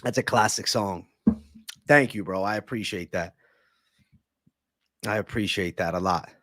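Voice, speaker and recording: A man's voice: fairly low pitch, measured pace, pushed and bright, dry recording, studio quality. A young man hosting a live stream, reading chat and breaking down fights in brash, profane banter. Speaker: livestream host and fight analyst.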